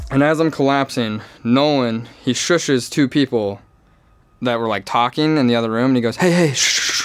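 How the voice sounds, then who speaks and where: A young man in his twenties recounts a personal story in a rambling, candid way, leaning heavily on fillers. His voice sits at a middle pitch. Soft music plays faintly behind him.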